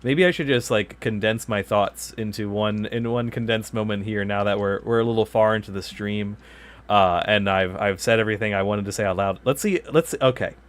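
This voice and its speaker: A man's voice: lowish voice, fairly even intonation, a little fast. A man hosting his gaming channel, chatting casually while he streams, rambling, correcting himself often and joking along. His microphone sits some distance from his mouth. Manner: rambling, self-correcting, playful. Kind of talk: casual chat while live streaming gameplay. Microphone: microphone kept far from the mouth.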